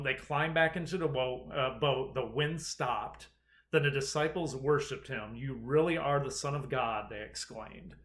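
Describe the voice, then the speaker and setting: A man's voice: mid-range voice, fairly bright tone. Pastor guy preaching, laid-back retelling, acts out the lines a bit. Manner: conversational retelling with quoted dialogue. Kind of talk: sermon.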